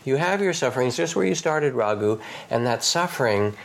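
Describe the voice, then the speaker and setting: A man speaking as a meditation teacher guest, in a gentle guided reflection that is soft, slow and reassuring. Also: mid-range voice, lively intonation, creaky.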